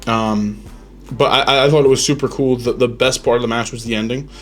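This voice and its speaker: A man's voice: medium pitch, fairly even intonation, brisk. A man hosting a podcast, giving rambling, opinionated reactions in casual chat, full of ums and restarts. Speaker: podcast host.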